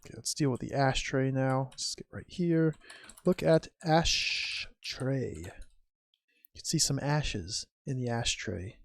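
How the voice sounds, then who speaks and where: An expressive voice at medium pitch belongs to a streamer giving casual, wryly musing commentary on an old adventure game. Typed commands are read aloud slowly, as is the game text.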